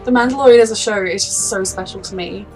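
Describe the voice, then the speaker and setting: A woman's voice: medium pitch, quick pace, darkish tone, faint music behind. A woman hosting a reaction video, gushing and emotional, often exclaiming at the screen. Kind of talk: casual reaction commentary.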